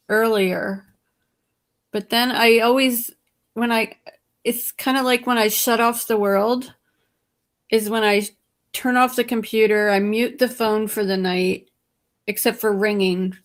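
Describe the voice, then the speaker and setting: Guest, tired woman, relaxed rambling chat, slightly high voice. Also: takes it slowly, pauses often. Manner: rambling, relaxed, self-correcting. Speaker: guest on a live stream. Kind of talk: casual chat.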